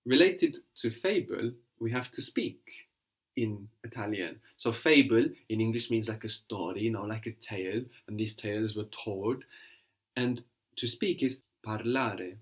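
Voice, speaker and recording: A man's voice: fairly low pitch, a little slow. A man teaching a language lesson, patiently explaining words and prompting his student to translate.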